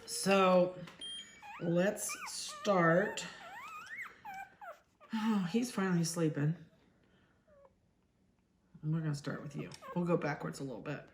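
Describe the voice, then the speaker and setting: A middle-aged woman from Ohio, a dog breeder, chatting casually as she handles puppies and talks softly to them. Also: fairly low pitch, very animated, slow, long pauses, slight background noise.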